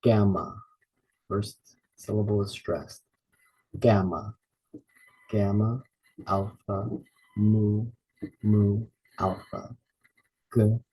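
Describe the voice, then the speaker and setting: A man's voice: fairly low pitch, steady tone, takes it slowly, long pauses, mellow, husky, rough recording. A man teaching a beginners' Bible study lesson, patiently sounding out and repeating each letter. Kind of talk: slow spelled-out lesson.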